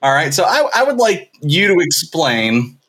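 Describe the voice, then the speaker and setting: A man's voice: fairly high pitch, big pitch swings, moderate pace, sharp tone, breathy edge. A man hosting a casual podcast chat, asking playful, teasing questions.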